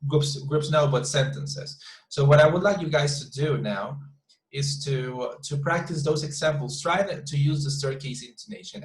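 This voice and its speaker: English teacher in an echoey room. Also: male voice, a little high. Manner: explains with many restarts and "you see?" checks. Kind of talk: online class teaching.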